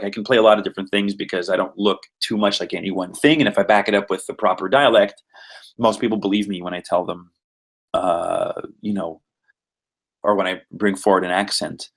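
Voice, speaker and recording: Rambling actor, low voice. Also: male voice. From Quebec. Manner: rambling, animated, many fillers. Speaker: voice and motion capture actor. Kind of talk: podcast interview.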